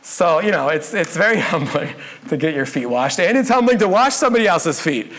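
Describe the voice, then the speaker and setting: A male pastor giving a casual, conversational sermon with joking, animated asides. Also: on the high side, fairly quick. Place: church.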